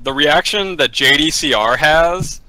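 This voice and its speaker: A man's voice: fairly high pitch, lively intonation, a little slow, background noise. A man co-hosting a casual gaming podcast, talking in a loose, slangy way. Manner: loose, slangy, hesitant openings. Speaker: podcast co-host.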